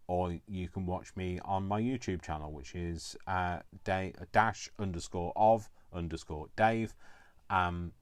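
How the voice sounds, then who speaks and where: A man with a lowish voice closes out a homemade crafting live stream, chatting loosely with plenty of ums and small jokes. He sounds affectionate toward his viewers. The sound is dry and close, with little room in it. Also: no echo. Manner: rambling and chatty with many fillers; affectionate and jokey. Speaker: crafting vlogger. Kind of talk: casual live-stream sign-off chat. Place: home kitchen, indoors.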